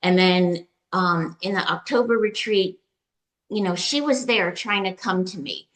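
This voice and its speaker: A woman guest in an interview, telling a personal story in a halting, emotional way, with many fillers and restarts. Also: mid-range voice, a bit bright. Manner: recounts dialogue in quoted voices. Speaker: retreat client, interview guest.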